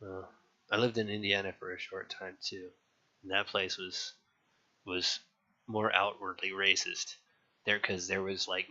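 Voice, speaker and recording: A young man from California, the interviewee here, shares frank, rambling childhood memories with many restarts and some swear words. His voice is low and sharp, captured on a dull lo-fi recording.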